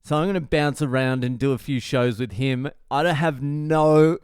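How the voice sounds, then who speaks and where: A man's voice: mid-range voice, steady tone, normal speed, darkish tone, smooth, no room sound, studio quality. A middle-aged man, host of his own podcast, telling stories in a profane, rambling, jokey way. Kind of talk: casual monologue podcast.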